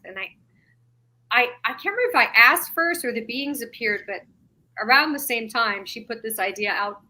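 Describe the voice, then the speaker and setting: A middle-aged woman, a podcast guest, recounting an experience in animated, emotional storytelling with quoted dialogue. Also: fairly high pitch, moderate pace. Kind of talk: conversational storytelling.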